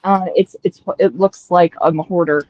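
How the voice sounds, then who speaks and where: A woman's voice: fairly low pitch, fairly even intonation, normal speed, no echo. Laid-back woman streamer, muffled lo-fi audio. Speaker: livestream host. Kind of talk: casual stream chat.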